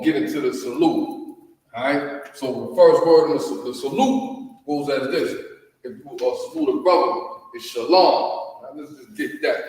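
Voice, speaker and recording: A man's voice: medium pitch, far from the mic. Drawling man teaching in an echoey hall. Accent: Southern US. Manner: drawling, repeats words, asks "you know what I mean?". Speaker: class teacher. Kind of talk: language lesson at a whiteboard.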